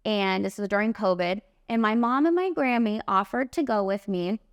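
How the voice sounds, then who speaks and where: A young woman in her late twenties with a smooth, clear voice, telling a personal story on her podcast. Her delivery is casual and emphatic, sitting at a middle pitch for a woman. She leans on "like" and "literally" as she tells it. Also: normal speed, no room sound, studio quality. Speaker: podcast host and makeup artist.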